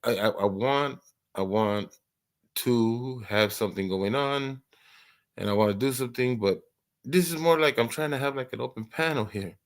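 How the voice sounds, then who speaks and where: A man's voice: medium pitch, normal speed. A man hosting an early-morning live stream, chatting casually, rambling and stammering through many restarts and laughing often.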